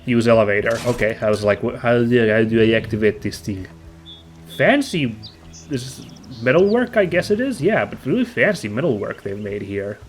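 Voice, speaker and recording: A man's voice: medium pitch, sing-song, moderate pace, faint music behind. A man hosting a let's play, chatting casually and rambling upbeat while a little stuffy and nasal from a cold. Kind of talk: casual gameplay commentary.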